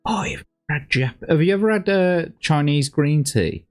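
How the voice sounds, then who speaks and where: A man's voice: a little high, animated, measured pace, darkish tone, faint music behind. A man casually commenting on a livestream, rambling and sweary with plenty of slang. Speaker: streamer reacting to old adverts.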